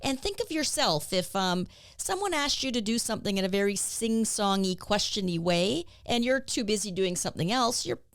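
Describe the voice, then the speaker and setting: A woman's voice: mid-range voice, animated, moderate pace, hardly any pauses, no room sound, studio quality. A woman co-hosting a dog training podcast, talking bluntly and animatedly, with frequent agreeing fillers. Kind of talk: casual podcast conversation.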